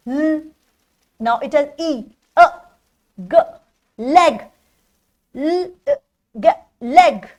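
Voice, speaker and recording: A woman teaching phonics to young children, spelling words out letter by letter in a sing-song way and asking the child questions, with an Indian English accent. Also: sits high. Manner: asks the listening child questions.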